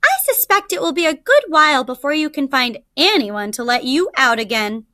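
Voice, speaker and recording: A woman's voice: high-pitched, very animated, bright, forceful tone, dry recording, clean studio sound, full character voice. A woman voicing a sly male jackal who frets and pretends to be confused in a storybook read-aloud. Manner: dithering, fretful, drawn-out.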